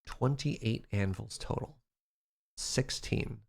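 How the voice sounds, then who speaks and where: A slow, gravelly male voice, fairly low in pitch, with a little hiss or hum in the audio. He's live-streaming a building game and playfully, animatedly chatting with his viewers.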